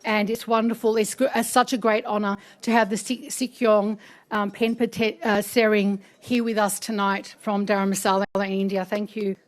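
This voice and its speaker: A woman's voice: medium pitch, level tone, moderate pace. A middle-aged woman emceeing a public event, telling a personal story with many fillers and hesitations. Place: parliament function hall.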